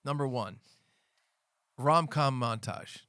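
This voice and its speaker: A man's voice: mid-range voice, slow pace, pushed and bright, clean tone, dry recording, studio quality. A man co-hosting a podcast, chatting casually about movies and rambling through scene recaps with quoted lines. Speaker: podcast co-host.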